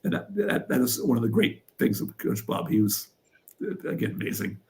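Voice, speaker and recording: A man, a former wrestler and coach, telling a funny story as an interview guest, animated and laughing through the punchlines. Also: medium pitch, moderate pace.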